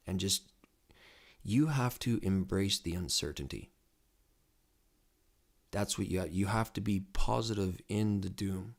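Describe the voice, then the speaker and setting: Rambling, excitable male crypto chart commentator. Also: fairly low pitch, creaky. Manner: excitable, rambling, with repeated words and restarts. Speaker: crypto trading educator. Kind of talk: casual market commentary over charts.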